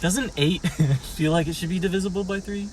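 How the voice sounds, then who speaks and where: A man's voice: sits high, normal speed, darkish tone. Dry, jokey young man on a podcast. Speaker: podcast co-host. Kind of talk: casual chat reviewing album songs. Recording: distant mic with faint background noise.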